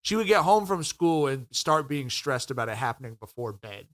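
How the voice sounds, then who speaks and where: A man co-hosting a podcast in relaxed, casual conversation, often laughing. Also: mid-range voice, moderate pace. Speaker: podcast co-host. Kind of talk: casual chat.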